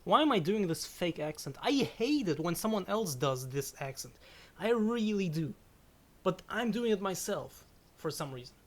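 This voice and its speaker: A woman's voice: fairly low pitch, sing-song, moderate pace. A woman chatting casually on a live game stream, giggling often, stumbling over her words and swearing when startled. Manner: giggly, stammers and restarts often. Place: at home.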